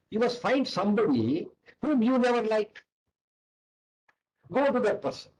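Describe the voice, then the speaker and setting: A man with an Indian English accent voicing a kind woman schoolteacher who speaks slowly and softly. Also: sits high, rough recording. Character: kind schoolteacher woman, praising a naughty boy.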